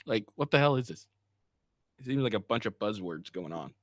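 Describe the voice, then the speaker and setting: A man commenting live on an online drama, reading screenshots verbatim and cutting in with crude, mocking remarks. His voice jumps up and down in pitch as he reacts. The sound is dry and close, with no room echo. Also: expressive, moderate pace, fairly bright tone. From Asian heritage. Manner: profane, mocking, reads texts aloud verbatim. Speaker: streamer reacting to a podcast drama.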